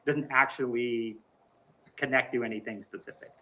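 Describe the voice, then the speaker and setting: A man's voice: mid-range voice, fairly even intonation, moderate pace, sharp tone. A man player chatting casually in a tabletop game, rambling and self-conscious, restarting his sentences often.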